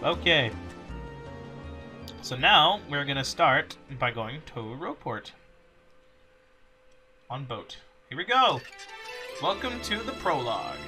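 A young man chats casually through a let's play and jokes at his own expense. His voice sits a little high, and game music plays steadily behind him. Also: big pitch swings, slow, pauses often. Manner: goofy, self-mocking. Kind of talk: casual gameplay commentary.

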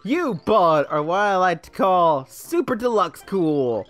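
A man's voice: sits high, very animated, a little slow, soft background music. A man voicing a laid-back male surfer dude who runs a surf contest, with a put-on accent and breezy slang.

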